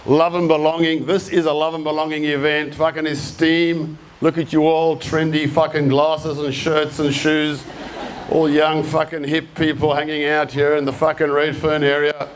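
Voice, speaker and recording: A man's voice: fairly high pitch, monotone, moderate pace, a little hiss or hum. Blunt, sweary Australian man on stage. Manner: swears freely, casual and blunt, quizzes the crowd. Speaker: speaker at a creative talk. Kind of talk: live talk to an audience. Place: event room with a live audience.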